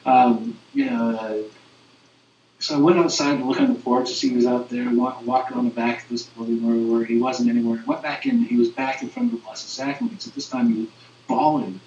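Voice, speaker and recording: Heard through distant, roomy, dull lo-fi webinar audio with slight background noise, a man moderates and tells stories in a conversational way. He's a youth minister who speaks earnestly, halting and often restarting his sentences. His mid-range voice is a little mellow, with fairly even intonation.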